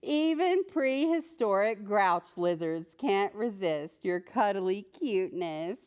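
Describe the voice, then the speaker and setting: A woman librarian reading a picture book aloud to preschoolers, playful and animated, talking to the characters and laughing often. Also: medium pitch, takes it slowly, smooth. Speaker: children's librarian.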